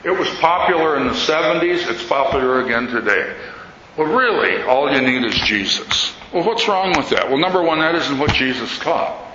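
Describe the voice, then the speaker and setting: An older man, an Orthodox priest, giving a talk in sermon style and telling stories with lively quoted voices. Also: on the high side, moderate pace, crowd noise. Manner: storytelling, animated quoting of others. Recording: echoey hall, slightly dull sound, faint noise.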